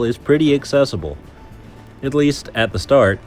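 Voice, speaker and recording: A man's voice: mid-range voice, animated, normal speed. Guy vlogging on a park trail, out of breath, chatty n jokey, faint music under it. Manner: chatty, joking, explains his muscles in plain terms. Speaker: vlog host. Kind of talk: hiking vlog narration.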